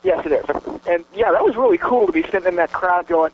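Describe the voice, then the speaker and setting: A man co-hosting a casual wrestling talk show, excitable and fond of bragging, laughing easily. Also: sits high, brisk, hardly any pauses, narrow, tinny audio. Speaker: podcast co-host.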